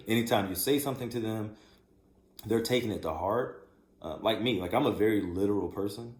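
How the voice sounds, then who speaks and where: A man co-hosting a relationship podcast, speaking in a reflective, measured way with many fillers. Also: on the low side, darkish tone. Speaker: podcast co-host. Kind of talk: casual chat about relationships. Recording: echoey room.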